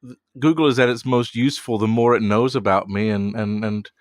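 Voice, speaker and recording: A man's voice: lowish voice, fairly even intonation, dry recording. A man with an Australian accent, a tech journalist guesting on a podcast, who stumbles and repeats words while making dry jokes. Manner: halting, repeats words often, dry humor. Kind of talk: casual podcast chat.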